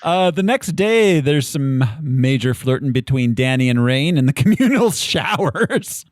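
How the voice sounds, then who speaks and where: A young man co-hosting a podcast, chatting casually about a film, laughing often and pausing on fillers. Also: a little high, expressive, dry recording, studio quality. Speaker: podcast co-host. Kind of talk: casual chat recapping a film.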